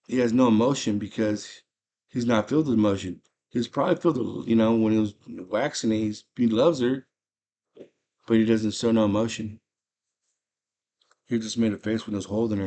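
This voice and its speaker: A man's voice: on the low side, fairly even intonation, normal speed, long pauses, darkish tone. A man casually recapping a movie in slangy, enthusiastic storytelling. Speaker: movie channel host.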